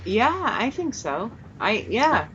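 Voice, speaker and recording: A woman's voice: fairly high pitch, very animated, slow pace, muffled recording, crowd noise. A woman with a Massachusetts accent co-hosting a radio show, chatting playfully and dropping her R's. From Massachusetts and New Hampshire. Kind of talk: casual chat.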